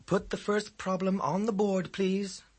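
A man's voice: sits high, little pitch movement, voice pushed up. Man voicing a firm, patient schoolteacher. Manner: measured, firm classroom tone.

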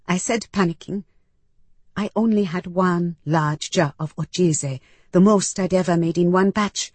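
A woman reading a first-person story aloud as an audiobook narrator, in an unhurried, earnest way. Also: on the low side, a little mellow, husky, no echo.

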